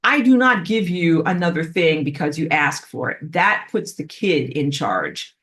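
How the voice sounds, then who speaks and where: A woman giving a spiritual class lecture in an animated way, filled with frequent "like". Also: deep voice, measured pace. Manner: animated, acts out quoted voices, frequent "like". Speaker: spiritual teacher.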